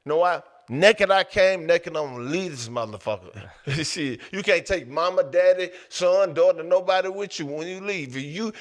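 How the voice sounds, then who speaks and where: Male co-host with a somewhat high voice, blunt and profane, takes his time. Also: expressive. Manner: blunt, profane, drawn-out musing. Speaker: podcast co-host. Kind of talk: casual podcast chat.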